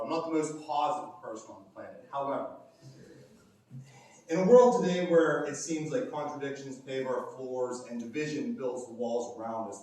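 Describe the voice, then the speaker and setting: A man nervously and earnestly introducing an award recipient at a banquet, getting a little emotional. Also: medium pitch. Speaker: award presenter. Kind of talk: introduction speech. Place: banquet hall. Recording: echoey banquet hall, distant mic.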